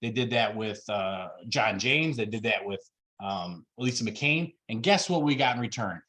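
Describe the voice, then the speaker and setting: A man making an emphatic campaign pitch on a video call, getting worked up, with frequent fillers. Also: expressive, normal speed, sharp tone. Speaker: party officer candidate presenting plans.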